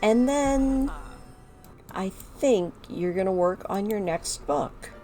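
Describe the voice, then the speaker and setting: Slow, lively-toned woman gaming. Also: mid-range voice, faint music behind. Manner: chatty, narrates her own moves. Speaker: gaming video creator. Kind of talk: casual game commentary.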